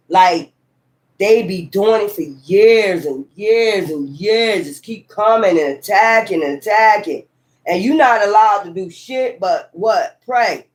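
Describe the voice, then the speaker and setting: A woman's voice: medium pitch, rough recording. A woman giving a casual tarot reading to camera, talking bluntly and heatedly, cussing often and breaking into sudden exclamations. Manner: rambling and emphatic, with sudden exclamations. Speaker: tarot reader.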